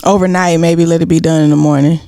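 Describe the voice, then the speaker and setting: A man's voice: on the high side, flat delivery, fast talker, vocal fry, dark tone, dry recording, clean studio sound. A man with a Southern Texas country accent co-hosting a podcast, laid-back and slangy in casual chat. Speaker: podcast co-host.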